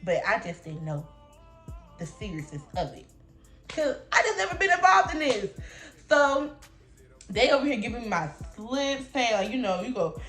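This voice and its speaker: A young woman telling a storytime vlog in casual slang, acting out voices with big jumps in pitch. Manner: animated storytelling, acting out her own and others' lines with big pitch jumps. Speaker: vlogger.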